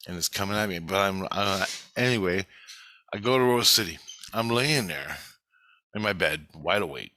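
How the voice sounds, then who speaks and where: A man's voice: low voice, pushed and bright, no echo. A man casually telling a long, rambling personal story, swearing often and jumping between thoughts. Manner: profane, restless, digressive. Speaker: vlogger recounting spiritual experiences.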